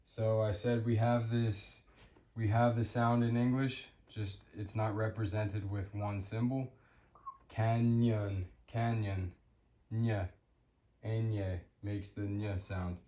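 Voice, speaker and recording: A man giving a casual spoken language lesson, hesitant with many fillers, repeating example words slowly. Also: on the low side, fairly even intonation, dark tone, echoey room. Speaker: language teacher.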